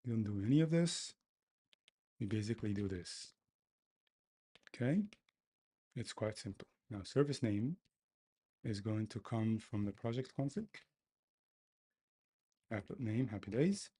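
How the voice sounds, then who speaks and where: A man talking to himself as he codes, complaining loudly, then explaining each step casually. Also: lowish voice, expressive, measured pace, pauses often, husky. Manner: exasperated, talks to himself while coding. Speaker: developer livestreaming his coding. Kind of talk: casual coding commentary.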